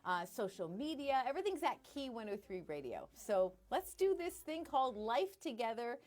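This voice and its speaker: Woman radio host, middle-aged, casual studio chat, fairly high voice, very lively intonation, bubbly, self-deprecating. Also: normal speed. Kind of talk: casual live-stream chat.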